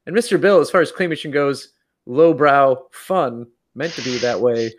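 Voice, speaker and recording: A man's voice: mid-range voice, normal speed. A man co-hosting a casual podcast, rambling with lots of filler words and swearing. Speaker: podcast co-host. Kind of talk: casual chat.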